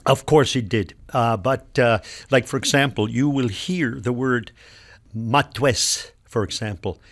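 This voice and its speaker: A man's voice: medium pitch, unhurried. Older man from Nova Scotia, linguist guest; patient, methodical explainer. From Nova Scotia, Canada. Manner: patient, explains word by word with examples. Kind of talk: explanatory radio conversation.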